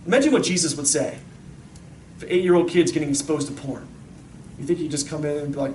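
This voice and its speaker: A man giving a lively talk to parents, telling stories and acting out the voices of the people in them. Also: fairly high pitch, fast talker, pauses often, slight background noise. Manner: animated storyteller, acts out voices. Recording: echoey room, mic far off.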